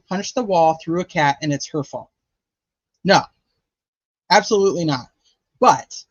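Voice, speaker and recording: A man's voice: sits high, dry recording. A man hosting a true crime channel, talking casually and filling his speech with "like" and "you know.". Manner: chatty, lots of "like" and "you know". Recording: dull lo-fi dry audio.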